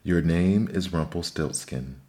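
A man voicing an anxious queen who asks slow, careful questions in a storybook reading. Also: deep voice, dark tone. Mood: questioning. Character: anxious young queen guessing names.

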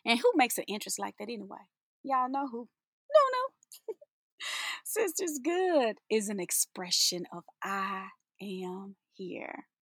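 A sassy, playful woman delivers an inspirational spoken-word monologue with a husky, breathy edge to her fairly high voice. She takes her time, drawing out words for emphasis and laughing often. The sound is close and dry. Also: sing-song, unhurried, pauses often, no echo. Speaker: teacher.

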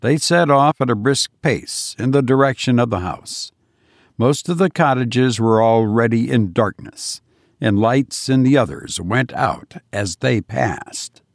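A man narrating a ghost story in a measured, steady way. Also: mid-range voice, no echo, studio quality. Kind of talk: scripted narration.

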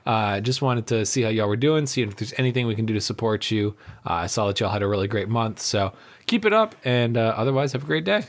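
A man's voice: lowish voice, fast talker. A man, co-hosting a casual podcast chat, who laughs often and mimics people in his stories. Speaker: podcast co-host.

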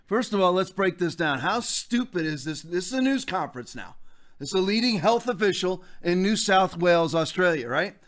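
A man with a notably high voice hosts a podcast with heated commentary. He rants in a fired-up, preacher-like style, pressing his points hard. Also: animated, moderate pace, a bit bright. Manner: fired-up, ranting, preacher-like delivery. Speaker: podcast host and pastor.

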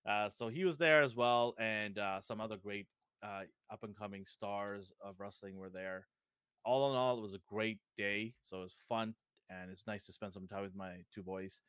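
This middle-aged Fijian co-host has a fairly low, clean-toned voice and a moderate pace. He chats casually on a podcast and acts out the characters in his stories with animation. The studio-quality audio has no room sound.

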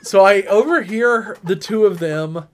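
Man, 30s, high-pitched, podcast co-host, animated casual storytelling. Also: measured pace, a little hiss or hum.

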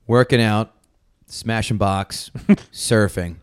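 An actor playing a cocky, crude 1980s bodybuilder and street brawler, talking in boastful bro slang in a comedy interview. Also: male voice, fairly low pitch, steady tone, slow pace, clean tone.

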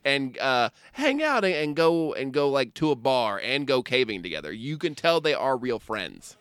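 A man from the United States co-hosting a film podcast in casual chat, animated and jokey. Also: mid-range voice, normal speed, smooth, no room sound, clean studio sound. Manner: animated, jokey, breaks into put-on voices and laughs. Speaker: podcast co-host.

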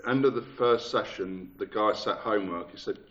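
A man with a very low voice chatting as a podcast guest, pausing often with uhs while he tells a story. The recording sounds a bit dull and lo-fi. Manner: hesitant, many uhs, storytelling. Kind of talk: casual chat.

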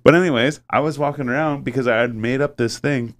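A man's voice: medium pitch, fast talker. A man from Ontario in a casual chat, rambling through stories with lots of "like" fillers and frequent swearing. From Ontario, Canada.

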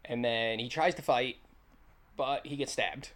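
A man's voice: medium pitch, unhurried, fairly bright tone. Male co-host, enthusiastic scene-by-scene movie recap, casual. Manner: enthusiastic, retells scenes with quoted lines. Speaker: podcast co-host.

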